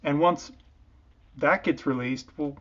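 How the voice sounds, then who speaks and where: A man's voice: a little high, slow, dull audio. A man hosting a casual interview, affirming his guest and asking open, encouraging questions. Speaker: interview host.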